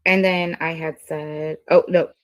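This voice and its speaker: A woman reading old messages aloud on a casual stream, halting with many ums. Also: sits low, little pitch movement, no room sound, poor audio.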